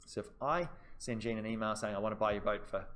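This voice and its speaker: A man's voice: on the low side, fast, fairly bright tone. A man giving a live business law seminar in a casual, conversational way, talking straight to his students and repeating the key points. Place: classroom.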